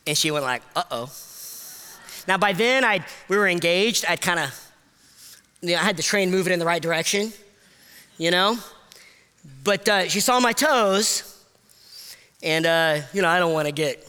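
A man preaching a sermon as a pastor, impassioned and rising high at emotional peaks, then dropping soft, with casual self-deprecating asides full of fillers. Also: smooth, long reverb tail.

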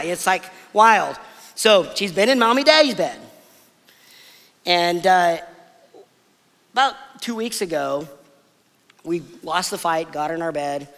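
A man preaching a sermon, telling family stories in a casual, conversational way before dropping to soft, emphatic pauses. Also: high-pitched, big-room sound. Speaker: pastor.

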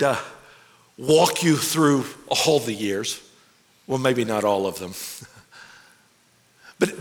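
A man's voice: a little high, a bit bright. Earnest man in an echoing hall. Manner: earnest and confessional, with stammered restarts. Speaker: dramatic monologue performer. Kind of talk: first-person dramatic sermon monologue. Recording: echoey hall.

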